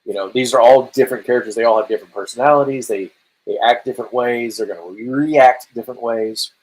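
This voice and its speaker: A man with a somewhat husky voice talks casually on a podcast about video games. He tells stories in an animated way and slips into little acted-out quotes. His pitch sits in an ordinary middle range. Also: fast talker, low-quality recording. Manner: animated storytelling, acts out quotes. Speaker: podcast co-host.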